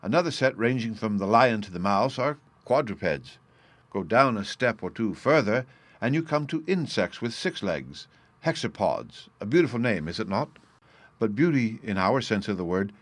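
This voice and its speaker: A man voicing an earnest, thoughtful young gentleman, explaining in a deliberate, lecturing way. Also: on the low side, very animated, no room sound.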